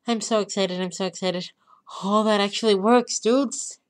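A woman giving casual commentary over her own gameplay, swinging from quiet hoping to gleeful cheering and calling her viewers dudes. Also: mid-range voice, fairly even intonation, normal speed. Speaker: gameplay video creator.

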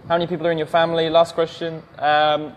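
A man's voice: on the high side, monotone, fast, lo-fi sound, slight background noise. A young English man teaching English, reading viewers' questions aloud on a livestream and answering them in a friendly, plain way. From England.

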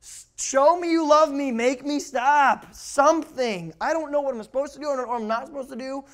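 A man's voice: very high-pitched, a little fast, voice pushed up. A man doing a pleading rebellious little boy.

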